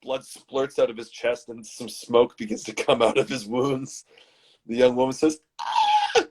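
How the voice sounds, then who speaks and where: A man from Canada, hosting and reading his comedy scripts aloud in a dramatic, animated way. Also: mid-range voice, moderate pace, husky. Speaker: host and scriptwriter.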